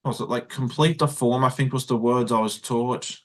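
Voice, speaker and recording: A man's voice: medium pitch, level tone, fairly quick. A man with an Australian accent hosting a casual chat, telling stories in an easygoing, self-deprecating way. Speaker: host.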